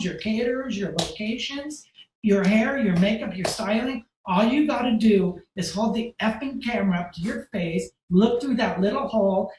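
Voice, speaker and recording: A man's voice: sits high, a little mellow, echoey room, pitched above the performer's own voice, poor audio. A man voicing a pushy, confident woman talent agent who is brash and insistent, quoted inside his own story.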